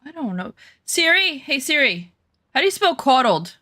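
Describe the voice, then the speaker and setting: A woman streams a survival game, chatting and joking casually with her viewers, swearing freely and poking fun at herself, easily flustered. Her high, sing-song voice has a sharp tone at normal speed. The studio-quality audio has no room sound.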